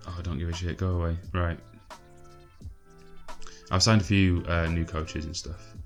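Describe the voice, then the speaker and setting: Man, low voice, casual gameplay commentary, chatty, exasperated, swears a lot, faint music behind. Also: little pitch movement, normal speed, pauses often. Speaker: gaming channel host.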